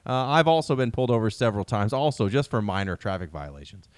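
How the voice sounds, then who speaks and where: A man's voice: lowish voice, sing-song, quick pace, dry recording. A man co-hosting a casual comedy podcast, reading odd news stories with wry jokes and frequent laughter. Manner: joking, laughs often, wry storytelling.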